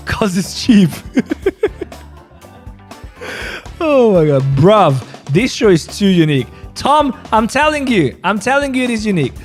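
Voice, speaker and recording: A man's voice: high voice, sing-song, moderate pace, faint music behind. Joking male crypto stream host. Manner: joking, laughing, repeats phrases. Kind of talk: casual livestream chat and market analysis.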